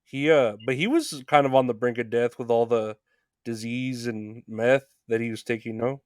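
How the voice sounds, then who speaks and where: Guy hosting a podcast, halting and soft, smooth clear voice, dry sound. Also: mid-range voice, steady tone, dry recording. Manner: halting and soft-spoken, trailing off. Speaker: podcast host. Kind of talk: casual conversation.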